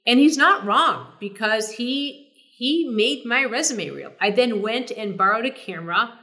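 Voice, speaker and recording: With a fairly high pitch and an unhurried delivery, a middle-aged sportscaster tells stories as a casual interview guest. Her talk is animated and peppered with fillers and restarts.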